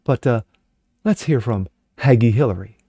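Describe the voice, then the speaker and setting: A man's voice: lively intonation, normal speed, dark tone, no room sound. Sarcastic man hosting a political show. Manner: sarcastic and mocking, swings pitch for jokes. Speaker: host.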